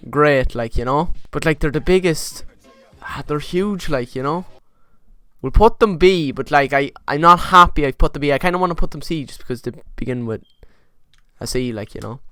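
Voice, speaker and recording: A man's voice: a little high, bright, forceful tone, smooth. A young Irish man casually ranking counties in a vlog, blunt, jokey and swearing often. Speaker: YouTuber.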